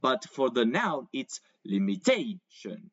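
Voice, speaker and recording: A man's voice: mid-range voice, sing-song, normal speed. A man whose first language is Spanish teaches English on a video call, and his speech rises and falls a great deal. He explains patiently and stretches words to show the stress. The sound is dull and dry, with no room echo. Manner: patient, explains with examples and over-exaggerated pronunciation. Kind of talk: online English lesson.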